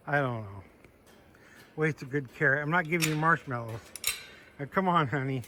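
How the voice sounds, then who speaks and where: Farm vlogger, male, slightly high voice, coaxing his animals outdoors, faint background noise. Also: unhurried, long pauses. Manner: talks sweetly to his goats in a coaxing voice. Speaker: homesteader showing his animals. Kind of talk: casual farm walkthrough vlog.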